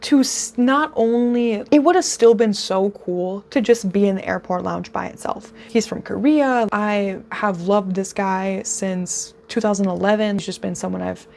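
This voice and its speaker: A woman in her twenties telling a storytime vlog, gushing and excitable, speeding up in rapid bursts. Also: mid-range voice, vocal fry. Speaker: vlogger.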